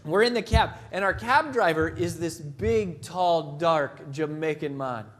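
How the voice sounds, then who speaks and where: A man's voice: fairly high pitch, a little slow, fairly bright tone. A man giving a motivational keynote talk in a conversational, self-deprecating way, telling personal stories. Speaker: motivational speaker.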